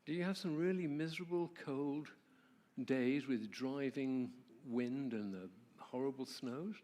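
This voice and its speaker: A man tells a personal story to a church audience in a warm, conversational way. His voice sits at an ordinary middle pitch. He often turns to the listeners with questions. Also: a little slow. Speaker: marriage ministry presenter.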